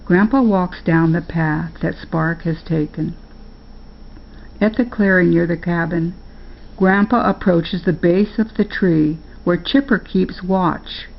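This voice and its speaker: An older woman reads a storybook aloud in an unhurried, plain manner. Her low voice is gravelly and very slow. The home recording sounds dull and lo-fi.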